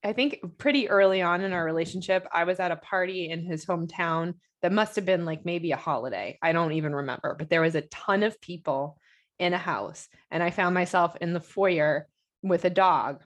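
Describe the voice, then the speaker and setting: A woman's voice: on the low side, fairly quick. A woman co-hosting a podcast as a homeschooling parent, telling a rambling story in casual chat with lots of filler words. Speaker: podcast co-host.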